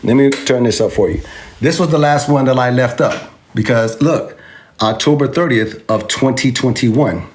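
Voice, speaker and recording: A man's voice: mid-range voice, moderate pace, a little hiss or hum. Emphatic man rebutting a commenter. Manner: emphatic, repetitive, taunting; addresses a commenter directly. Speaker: crypto video host. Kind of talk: animated direct-to-camera rebuttal.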